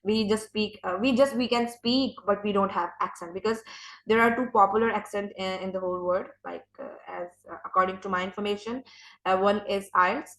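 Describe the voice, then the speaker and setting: Pakistani english teacher lady, lots of uh and restarts, mid pitch, roomy echo. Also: fairly bright tone. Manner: hesitant, many fillers and restarts, encouraging. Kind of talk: informal online lesson.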